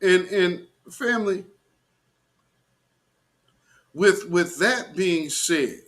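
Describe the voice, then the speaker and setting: Animated, slangy man hosting a live show. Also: sits high, slow. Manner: animated, slangy, mocking laughter and exclamations. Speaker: host of a live commentary show. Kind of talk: casual live commentary.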